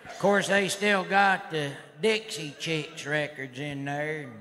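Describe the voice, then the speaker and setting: Rowdy comedian, high, loud hall. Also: male voice, fairly even intonation, slow pace. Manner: rowdy redneck persona, drawling and shouting. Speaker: stand-up comedian. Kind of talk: stand-up routine. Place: live comedy stage. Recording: live hall recording with crowd noise. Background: audience laughter and noise.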